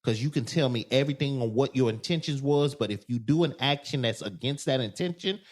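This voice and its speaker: A man co-hosting a podcast in casual chat, telling animated stories and loudly acting out quoted lines. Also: mid-range voice, fairly quick. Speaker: podcast co-host.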